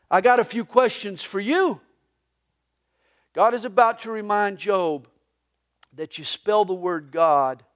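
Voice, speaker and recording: A man with a Southern US accent delivers a live sermon in a church service. His voice sits high for a man. He swings from loud, lively declarations to quiet, hushed asides. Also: a little slow. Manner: animated preaching, voices for God and Job, rising and dropping to a hush. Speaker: pastor.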